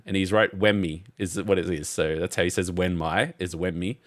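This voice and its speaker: Deep-voiced Australian man, casual podcast chat. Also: steady tone, brisk, few pauses, dry recording, clean studio sound. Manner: laughs often while reading chat logs aloud. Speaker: podcast co-host.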